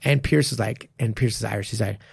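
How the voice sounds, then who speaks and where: A male martial arts coach co-hosting a podcast, who talks in an animated, emphatic way with frequent swearing. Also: lowish voice, fast, vocal fry, breathy edge, no room sound. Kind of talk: casual podcast chat.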